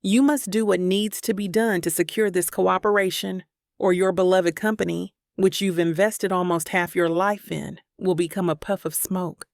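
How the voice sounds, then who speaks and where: Curt domineering middle-aged father, voiced by a woman narrator, gravelly, dry. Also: on the low side, steady tone, moderate pace, no room sound. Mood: harsh. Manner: curt, commanding.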